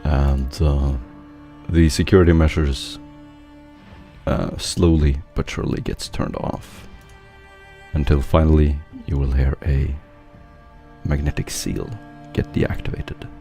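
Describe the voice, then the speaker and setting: A man running a tabletop role-playing game as game master, narrating the scene in a slow, measured way. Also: a bass voice, creaky, dark tone, faint music behind.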